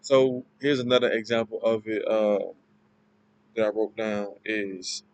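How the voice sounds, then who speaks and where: Slow, halting man giving a class presentation. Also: lowish voice, fairly even intonation, a little mellow, clean tone, dry recording, lo-fi sound. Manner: halting, loosely worded explaining. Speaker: student presenter.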